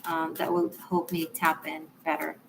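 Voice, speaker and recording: A woman's voice: sits low, completely flat delivery, moderate pace, gravelly, noisy background. A woman tarot reader on a live stream, chatting with viewers and apologizing as she gives readings.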